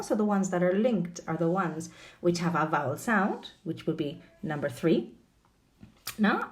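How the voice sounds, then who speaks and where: A woman teaching an online English lesson, asking the viewer questions in an expressive way. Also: on the low side.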